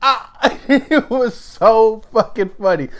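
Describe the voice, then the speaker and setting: Male reviewer, casual and animated, profane, laughs often, slightly higher voice. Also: slow. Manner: excitable, profane, laughs often, quotes scenes in animated bursts. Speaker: movie reviewer.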